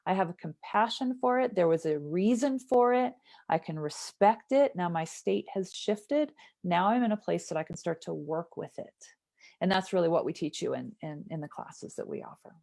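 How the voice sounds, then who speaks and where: A woman with a lowish voice speaks as a somatic trauma therapist in an interview. She explains things earnestly and keeps checking that the listener follows. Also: expressive, moderate pace, vocal fry, warm tone.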